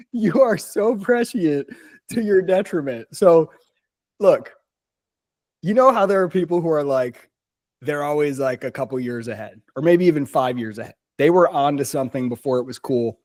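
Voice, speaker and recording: A man hosting a casual podcast chat, animated and teasing, laughing often as he questions his friend. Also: fairly high pitch, normal speed, no room sound. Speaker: podcast host.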